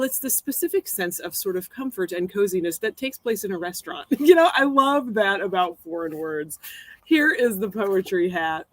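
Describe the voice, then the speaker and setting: A woman's voice: fairly low pitch, no room sound, rough recording. A woman in her forties from Missouri, a poet hosting a live stream in rambling, casual chat with frequent laughs and a poem read aloud. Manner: rambling, chatty, laughs often.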